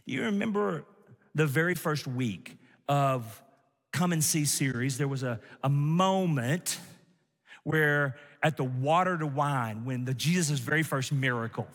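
A man's voice: fairly high pitch, a bit bright, long reverb tail. A male pastor preaching an emphatic sermon to a congregation, with asides to the listeners.

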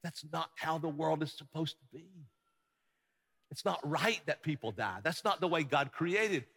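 A man preaches a sermon in a big reverberant hall. His voice sits a little high and comes across bright and forceful. He swings between loud emphatic passages and quiet, hushed ones. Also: expressive, normal speed, gravelly, husky. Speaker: pastor.

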